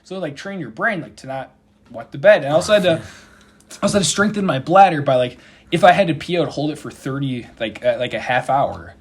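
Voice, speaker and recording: A young man, a podcast guest, telling a story in casual chat, excitable and stammering, laughing often. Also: on the high side, a little fast, a little hiss or hum. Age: teens.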